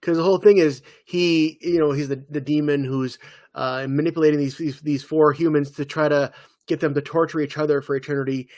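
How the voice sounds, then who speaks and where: This podcast co-host speaks fairly quickly in a slightly high, darkish voice with fairly even intonation, and the recording has no echo. His casual chat rambles through stories full of fillers.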